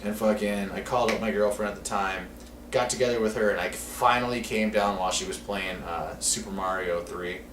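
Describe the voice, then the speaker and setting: A low-pitched man tells a rambling, profanity-laced story on a casual podcast. He sounds set back from the mic in an echoey room with noticeable background noise. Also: fairly even intonation, brisk, fairly bright tone, far from the mic. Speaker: podcast co-host.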